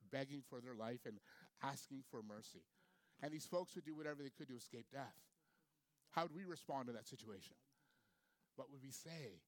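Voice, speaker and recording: A man preaching a sermon, reading scripture aloud and then reflecting on it with questions for his listeners. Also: mid-range voice. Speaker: pastor.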